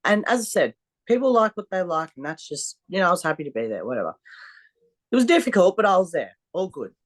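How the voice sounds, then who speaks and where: With a lowish voice and a quick pace, this female strongwoman athlete swaps stories on a podcast. Her manner is blunt and animated, and she swears freely throughout the casual interview.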